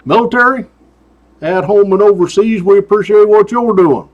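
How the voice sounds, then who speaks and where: A man's voice: high voice, moderate pace. An older man, casually telling road stories as a retired trooper, folksy and chuckling as he goes. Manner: folksy drawl with laughs and "doggone". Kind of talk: casual storytelling. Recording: dull lo-fi sound.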